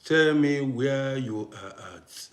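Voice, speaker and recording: A man from Africa, host of a live stream, chatting casually with viewers and turning heated and loud as he answers a critic. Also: mid-range voice, expressive, slow, echoey room. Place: home in Austria.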